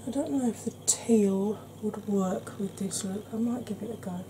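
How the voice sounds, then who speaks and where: Soft-spoken woman doing makeup. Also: mid-range voice, normal speed, slight background noise. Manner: chatty, gentle, dotted with "darling". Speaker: beauty vlogger.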